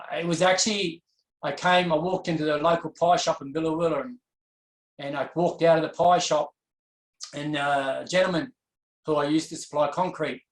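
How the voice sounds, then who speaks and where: A man telling his personal story as an interview guest, earnest and reflective, pausing and restarting as he goes. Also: a little high. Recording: echoey room.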